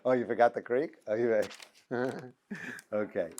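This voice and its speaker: A man's voice: medium pitch, moderate pace. A middle-aged man giving an informal class as a rabbi, telling stories with frequent restarts and chuckles. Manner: animated storyteller, many restarts and chuckles. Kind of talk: informal lecture with anecdotes.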